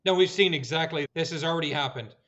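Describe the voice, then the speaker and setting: Higher-voiced man hosting a podcast, dull audio. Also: quick pace, a bit bright. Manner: earnest, agreeable, chimes in often. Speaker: podcast host. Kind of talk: casual podcast conversation.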